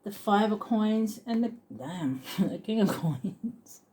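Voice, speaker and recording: A woman giving a casual tarot reading on her channel, thinking aloud and chuckling as she reads card texts slowly. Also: mid-range voice, animated, mellow, slight background noise. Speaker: tarot reader.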